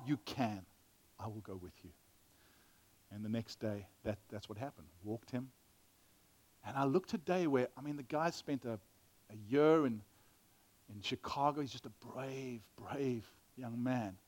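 A man preaching a sermon, telling a story, then teaching from scripture, swinging from loud exclamations to hushed, tender asides. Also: mid-range voice. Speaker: pastor.

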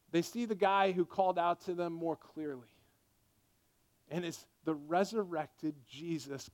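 High-voiced male pastor preaching. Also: smooth. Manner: impassioned, rising and falling from loud to hushed. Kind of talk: sermon.

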